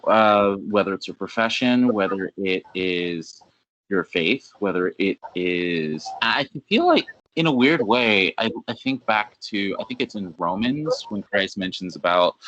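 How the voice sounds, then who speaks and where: A man with a very low voice leads a casual interview, relaxed and encouraging. His voice comes through dull, lo-fi video call audio.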